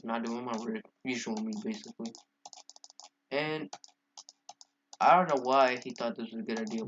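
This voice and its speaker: A man's voice: medium pitch, a bit bright. Brief: male vlogger, casual profane story time, rambling with constant fillers, dull lo-fi mic with faint hiss.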